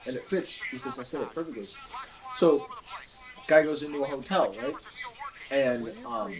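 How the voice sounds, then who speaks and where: A man's voice: medium pitch, normal speed, distant mic, a crowd in the background, rough recording. Rambling man telling a long joke. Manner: meandering, full of fillers and restarts. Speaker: let's play gamer.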